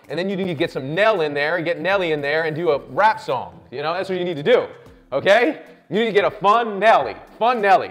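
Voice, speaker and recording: Hyped high-voiced man pitching business. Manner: loud, swearing, hyped, lots of "right?" and "okay?". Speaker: show host. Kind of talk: energetic motivational business talk.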